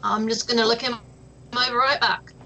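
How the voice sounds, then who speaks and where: A woman's voice: a little high, fairly even intonation, normal speed, sharp tone, low-quality recording. A woman playing a tabletop role-playing game, stating her character's actions in a casual, matter-of-fact way. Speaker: player. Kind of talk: tabletop role-play chat.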